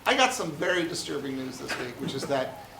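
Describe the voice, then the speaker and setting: A man, a comedian guest, retelling a movie plot in an animated, rambling way with deadpan asides, in an echoey room. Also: mid-range voice, a little fast, creaky, recorded from a distance, background noise.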